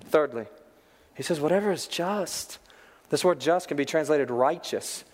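High-voiced male pastor preaching in a hall. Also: animated, unhurried. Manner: preaching with rising emphatic exhortations. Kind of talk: sermon.

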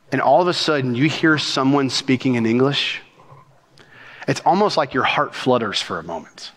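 A man preaching a sermon as pastor, with rhythmic, animated delivery and quick bursts of speech. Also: fairly high pitch, big-room sound.

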